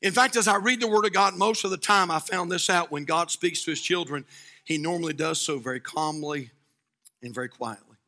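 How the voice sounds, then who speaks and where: A male pastor preaching a sermon, swinging between shouted fervor and hushed, quiet passages. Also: on the high side, fairly quick.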